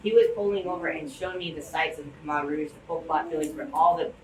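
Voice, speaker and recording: A man's voice: on the high side, quick pace. Man telling a rambling story in an echoey room. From Los Angeles area, United States. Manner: animated, rambling storyteller who restarts phrases and uses "like" and "you know" often. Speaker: speaker addressing a community group. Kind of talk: personal storytelling speech. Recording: echoey room, mic far off, faint hum.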